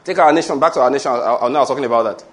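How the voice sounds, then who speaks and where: A man's voice: medium pitch, rapid-fire. A man with a Nigerian English accent, preaching a sermon with rhetorical questions and calls for amen. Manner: animated preaching with rhetorical questions and call-and-response. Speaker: pastor.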